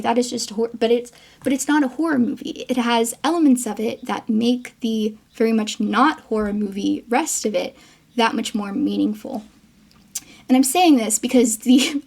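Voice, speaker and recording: A woman hosts her own film commentary channel, chatting with playful asides and small laughs. Her voice sits a little high but keeps dropping into gravelly vocal fry. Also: a little mellow. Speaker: geographer and film commentary host. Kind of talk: casual film commentary to camera.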